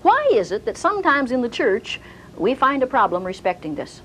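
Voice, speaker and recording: An older woman with a fairly high voice teaches a sermon at a moderate pace, bringing her stories to life by acting out the voices of the people in them. The Bible teacher's recording is poor, with a little hiss or hum.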